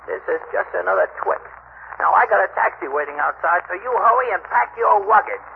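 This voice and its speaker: A man playing a fussy, nervous male secretary in 1940s radio comedy acting, with a high, gravelly voice. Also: wildly swooping pitch, fairly quick, heavily acted. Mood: pushy. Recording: tinny old radio broadcast with hiss.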